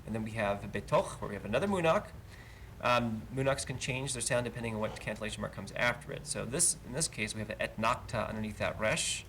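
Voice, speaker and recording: On a slightly noisy livestream, a man with a fairly low, fairly bright voice moves at a quick clip through a verse-by-verse Hebrew lesson. He explains the cantillation marks with patience and chants every trope name out loud.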